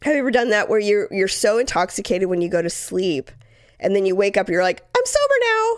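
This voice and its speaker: A woman co-hosting a podcast in casual chat, hoarse from a cold, chatty and self-mocking. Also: medium pitch, steady tone, a little fast, no echo, clean studio sound. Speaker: podcast co-host.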